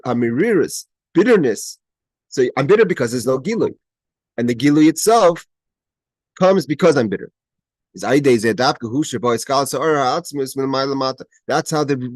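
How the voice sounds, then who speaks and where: A man of medium pitch and somewhat mellow tone teaches a Chassidic text via video call, with no echo. He reads out Hebrew phrases and renders each into translation, frequently starting over and posing questions with a strong upward lilt.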